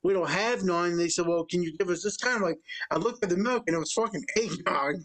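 A man with a notably high voice, a guest on a casual podcast. He rambles through anecdotes, constantly quoting what he and others said. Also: fast talker, fairly bright tone. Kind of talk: casual storytelling.

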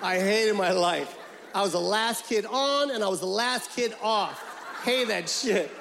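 A man doing a profane, animated stand-up comedy routine, acting out voices as he tells a story. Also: high voice, a little slow, vocal fry, slight background noise. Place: large venue with a live audience. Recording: echoey hall, loud crowd.

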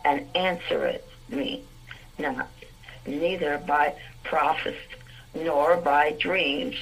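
A woman reading scripture aloud slowly and carefully during a Bible study. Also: deep voice, steady tone, slightly rough, rough recording.

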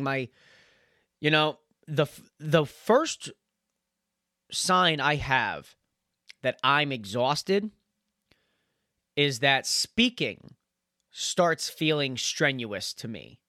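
Young guy hosting a podcast, bright kinda high voice, loose and sweary, dry close mic. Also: no room sound. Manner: loose, swearing, laughing often. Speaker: podcast host. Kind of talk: casual podcast chat.

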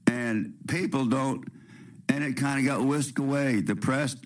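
Raspy, sniffly man hosting a slow radio show. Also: mid-range voice, steady tone. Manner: rambling, with rhetorical questions and restarts. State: sniffly with a cold. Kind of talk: preachy spiritual radio talk.

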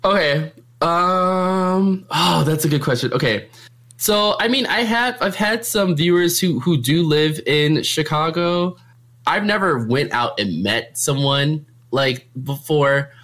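A man's voice: a little high, slow pace, a bit bright. Chatty young man, laughing often. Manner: chatty, laughs often, many filler likes. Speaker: streamer and meetup organizer. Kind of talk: casual chat.

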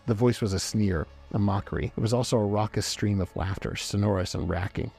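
Low, husky male storyteller. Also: a little fast, hardly any pauses, warm tone. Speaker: narrator. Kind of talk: storybook reading. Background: faint background music.

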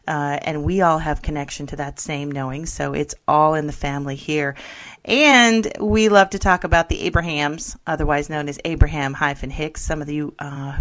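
A woman hosting a radio talk show, upbeat and chatty, laughing often as she talks. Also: sits low. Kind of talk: casual radio chat.

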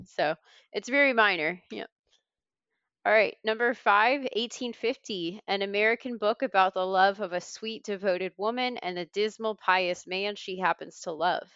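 A woman hosting a trivia podcast, reading clues in a brisk, wry way. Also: medium pitch, fairly bright tone, clean tone, dry recording. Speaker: quiz host. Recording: slightly dull lo-fi sound.

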